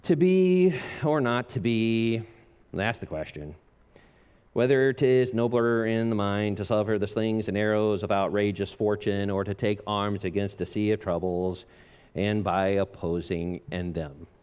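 A man imitating a bored teenage student reading a famous speech aloud in a flat, disinterested monotone. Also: on the low side, a little slow, clean tone, close to an everyday voice.

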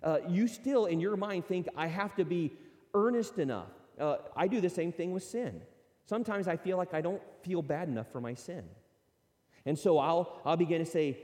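Male pastor, sermon delivery, conversational and a touch high, recorded with long hall reverb. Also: animated, normal speed, darkish tone. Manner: conversational, acts out imagined prayers and objections.

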